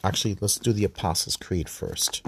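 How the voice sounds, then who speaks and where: A man giving an earnest, informal reflection on faith, with halting restarts and repeated phrases, before leading a prayer. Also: on the low side, a bit bright, slight background noise. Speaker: podcast preacher.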